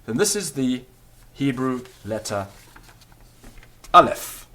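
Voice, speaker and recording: A man with a fairly low voice teaches a recorded beginner language lesson. He explains each point patiently, step by step, and stops to demonstrate the sounds himself. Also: expressive, a little slow, a little hiss or hum.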